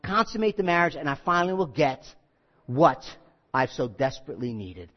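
A man's voice: on the high side, very animated, fairly quick, long reverb tail, voice pushed down. A man voicing a lonely young woman desperate for love who plots in a pleading tone. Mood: yearning. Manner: pleading, scheming. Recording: slightly muffled recording.

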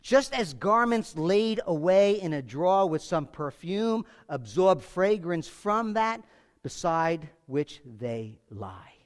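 A man preaching a sermon, emphatic and repetitive, swinging from forceful peaks to quiet asides, with casual fillers like "like" and "you know". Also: high-pitched, sing-song, slow pace. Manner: emphatic, repeats phrases, rises to forceful peaks then drops quiet. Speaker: pastor.

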